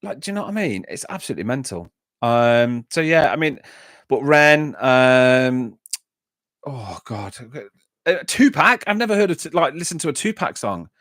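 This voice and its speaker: With big pitch swings, a moderate pace and a fairly bright medium-pitched voice, an English host chats casually through his music reaction livestream. He reads viewer comments aloud and answers them with many fillers and restarts, recorded studio-clean with no room sound.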